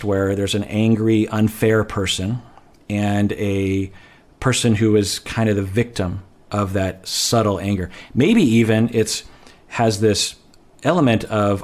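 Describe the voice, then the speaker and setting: A man with a somewhat low voice talking as a therapist on a podcast. He explains at an even, measured pace and often stops to rephrase himself mid-sentence. He sounds like he is thinking aloud.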